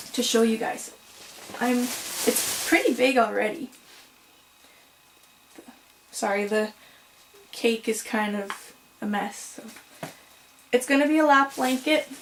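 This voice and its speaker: At home, a crochet vlogger with a slightly high voice chats casually to her camera about yarn and crochet. She's talkative and a bit apologetic, filling gaps with "um" and "so." The audio is poor, with slight background noise.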